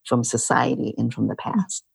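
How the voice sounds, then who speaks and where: Middle-aged female guest, husky with a gravelly edge, reflective and halting, dry recording. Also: a bass voice, level tone, dry recording. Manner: halting, reflective, many fillers. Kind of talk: casual interview talk.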